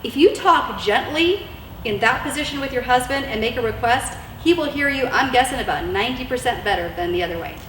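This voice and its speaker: Woman, fairly high voice, chatty marriage advice talk, echoey room, distant mic, faint hiss. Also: lively intonation, fairly quick, fairly bright tone. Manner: chatty and earnest, many fillers and repeated words. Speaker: marriage advice speaker for wives. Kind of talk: casual instructional talk.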